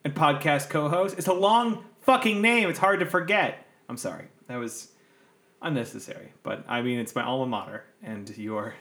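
A man's voice: a little high, moderate pace, a bit bright. Man riffing in a roomy room. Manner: mock-serious, riffing on accents. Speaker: podcast guest. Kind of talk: casual joking chat. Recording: roomy echo.

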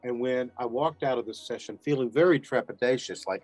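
A man's voice: mid-range voice, brisk, few pauses, dry recording, soft background music. A man, a voice actor guest on an interview, telling stories casually and acting out what people said. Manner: animated storyteller acting out quotes.

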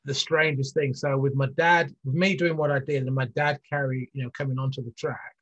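Man, middle-aged, husky voice, earnest, candid, lots of ums and restarts, muffled lo-fi sound. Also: medium pitch, level tone, fairly quick, fairly bright tone. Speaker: interview guest, former athlete. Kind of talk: reflective storytelling in conversation. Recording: dull lo-fi recording.

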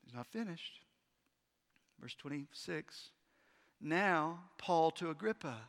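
Emphatic preacher with high voice. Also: male voice, expressive, slow. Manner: emphatic, swings from hushed to loud. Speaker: pastor. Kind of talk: sermon. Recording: long hall reverb.

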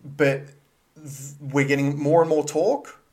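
A man's voice: a little high, steady tone, slow, a little mellow. A man co-hosting a casual podcast chat, earnest and blunt, pressing with questions. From Australia. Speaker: podcast co-host.

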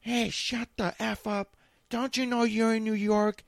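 A man voicing an angry drunk female football fan, shrill and threatening. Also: level tone, unhurried, creaky, no room sound, clean studio sound. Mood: furious.

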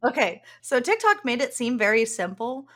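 A woman's voice: a little high, big pitch swings, moderate pace, a bit bright. A woman co-hosting a podcast, explaining things in casual chat and laughing often. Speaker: podcast co-host.

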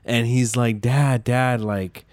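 A man's voice: medium pitch, steady tone, slow, darkish tone, no room sound, studio quality. A man telling a story in a casual chat with friends, laid-back, laughing and swearing.

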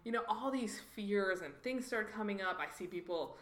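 A woman from Mexico, telling personal stories in a lively conversational way and acting out the voices of others. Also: mid-range voice, normal speed. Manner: animated, acts out quoted voices. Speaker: guest. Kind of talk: conversational storytelling. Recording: roomy echoey room.

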